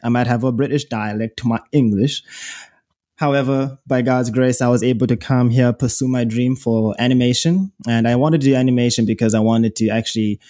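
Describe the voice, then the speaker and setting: A man's voice: medium pitch, fairly even intonation, a little fast, warm tone, dry recording, studio quality. A young man with a Zimbabwean accent, co-hosting a faith podcast in an earnest, casual way with many fillers and restarts. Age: young adult. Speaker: podcast co-host.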